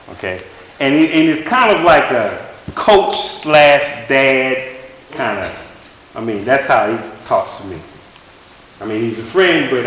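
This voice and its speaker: Echoey preacher man, folksy and halting. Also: mid-range voice, fairly bright tone. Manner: halting, restarts and repeats words, folksy; asks the listeners rhetorical questions. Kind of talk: sermon. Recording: very echoey room with faint hiss.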